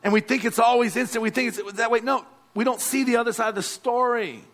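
A man's voice: extremely high pitch, quick pace, fairly bright tone. A male pastor, preaching a sermon and calling out to the congregation. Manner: exhorting, calls out to the congregation.

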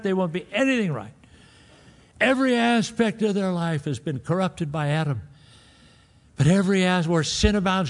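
A man preaching a sermon in a church, talking conversationally and acting out the voices of his listeners. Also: a little high. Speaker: pastor.

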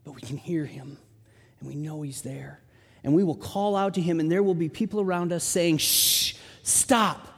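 A man with a high voice preaches in a church hall, and long reverb trails after each phrase. He tells the story with animated energy and swings from quiet asides to loud calls. The delivery is a pastor's sermon to his congregation. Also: fairly quick, vocal fry, slightly rough. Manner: animated storytelling, rising to shouts in quotes.

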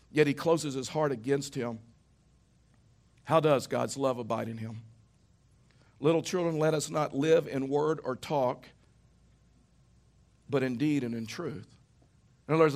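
A middle-aged man preaching a sermon in a church, telling stories in a conversational way and tossing rhetorical questions to the congregation. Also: fairly high pitch. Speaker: pastor.

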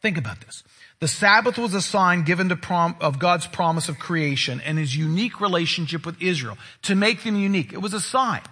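Husky, bright-voiced male pastor preaching. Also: high-pitched. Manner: expressive, emphatic Bible teaching with dramatic pauses. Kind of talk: sermon.

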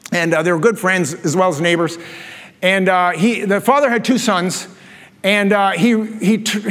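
A man preaching with a high, bright voice, spinning animated stories and chuckling at his own punchlines. His sermon rings out with the long reverb of a big church hall. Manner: animated storyteller, laughs at his own jokes. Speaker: pastor.

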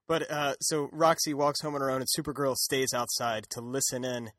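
A man's voice: medium pitch, fairly even intonation, fairly quick, a bit bright, dry recording, studio quality. A man co-hosting a podcast, recapping a comic with a laugh and acting out quotes. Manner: laughing, playful, acts out quotes. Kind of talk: casual comedic chat.

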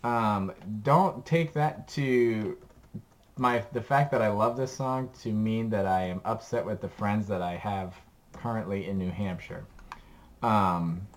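A man with a fairly low voice talks in a loose, casual chat, and he rambles eagerly. He often breaks into laughter while he makes his case. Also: slow. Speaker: podcast co-host giving a music recommendation.

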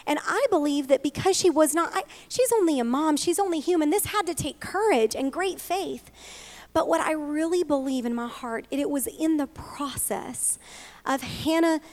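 A woman's voice: high voice, moderate pace. A woman preaching a heartfelt sermon to a women's gathering, earnest and openly emotional. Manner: earnest, emotional, tearful at times. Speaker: women's ministry speaker.

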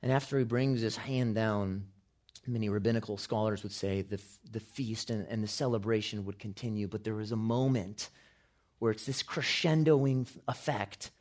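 A man preaching a sermon, building from calm storytelling to loud, shouted climaxes. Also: fairly low pitch, normal speed. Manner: preaching with big swells, shouting quotes at climaxes. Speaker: pastor.

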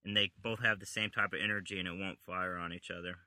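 A man with a low but very bright, forward voice chats about comics in a relaxed, offhand way, dropping casual swears. The sound is dry and close, with no room around it. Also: fast, no room sound. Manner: laid-back, swears casually, reads comic dialogue aloud. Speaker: comic book podcast co-host. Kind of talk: casual chat.

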